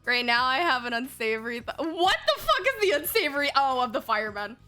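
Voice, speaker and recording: A woman's voice: high voice, sing-song, a little fast, bright, forceful tone, soft background music. A young woman livestreaming a game, chatting casually with her chat, giggling often, swearing freely and reading game text aloud. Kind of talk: casual gaming stream chat.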